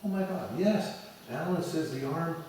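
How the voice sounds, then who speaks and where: A man teaching piano in a lecture and demo lesson before an audience, talking in an animated way and singing phrases as da da da. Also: fairly high pitch, measured pace, slight background noise. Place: large echoey hall with an audience. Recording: echoey hall from far off. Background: piano playing.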